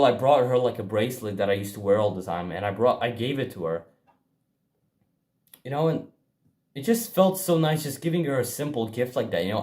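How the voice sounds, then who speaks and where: A man's voice: medium pitch, a little mellow. A young man giving a casual motivational monologue, blunt and profane, talking emphatically with frequent restarts. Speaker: self-improvement vlogger.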